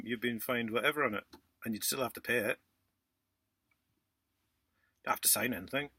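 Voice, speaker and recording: A man vlogging in a casual, indignant monologue, sarcastic, with loud outbursts and muttered asides. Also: mid-range voice, breathy edge, dry recording. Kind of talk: casual ranting monologue to camera.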